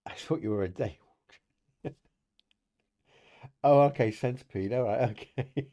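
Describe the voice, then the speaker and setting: A man's voice: medium pitch, unhurried, warm tone. A middle-aged man hosting a casual livestream podcast, rambling and chatty, laughing often and talking to viewers in the chat. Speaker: podcast host.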